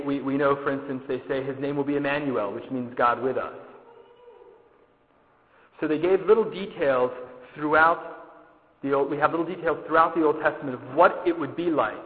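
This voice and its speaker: A man preaches in a church, telling a story and voicing its people as he goes. The sound is thin and tinny, like a phone line. The room is echoey, with a long reverb hanging after his phrases. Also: a little high. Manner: storytelling, acting out the dialogue. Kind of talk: sermon with a told story.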